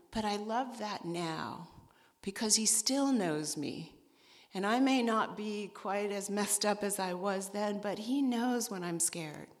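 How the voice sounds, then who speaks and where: A middle-aged woman who leads a women's ministry, giving a candid, self-deprecating personal testimony. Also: medium pitch. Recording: echoey hall.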